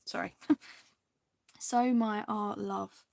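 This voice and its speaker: A woman hosting a crafting video, chatting casually and indecisively to viewers, now and then dropping into soft half-whispered asides. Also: mid-range voice, steady tone, extremely slow, vocal fry, dry recording.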